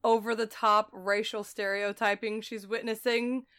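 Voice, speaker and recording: A woman's voice: mid-range voice, unhurried, smooth. A woman co-hosting a podcast, recapping a TV show in casual chat, laughing often and swearing freely. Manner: laughing, profane, animated retelling. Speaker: podcast co-host.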